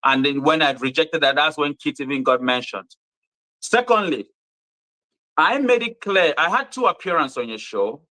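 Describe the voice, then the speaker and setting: A man's voice: a little high, expressive, moderate pace, sharp tone, no echo, low-quality recording. A man who appears as a guest on a dating show and explains himself defensively and at length.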